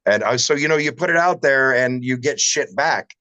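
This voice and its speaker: A man's voice: medium pitch, lively intonation, moderate pace, bright, forceful tone, no room sound, low-quality recording. A man who runs a shower door shop, chatting casually on a livestream and telling rambling anecdotes with some salty language.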